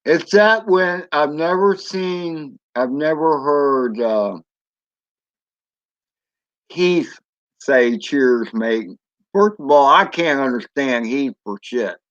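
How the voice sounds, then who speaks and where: Rambling drone streamer guy, unhurried, muffled lo-fi audio. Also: a little high, expressive. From Florida. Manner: rambling, chatty, reads chat aloud. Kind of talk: casual live-stream chat.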